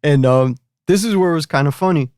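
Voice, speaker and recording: A man's voice: a little high, fairly quick, a little mellow, no echo, clean studio sound. A middle-aged man, a guest musician, casually telling a story, rambling with lots of fillers and restarts.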